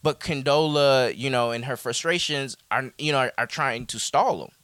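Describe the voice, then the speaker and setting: A man's voice: mid-range voice, normal speed, a bit bright, clear, resonant tone, no room sound, studio quality. A man co-hosting a casual chat, rambling through a story recap with many restarts. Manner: rambling, restarts, quotes characters in voices. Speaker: podcast co-host recapping a show.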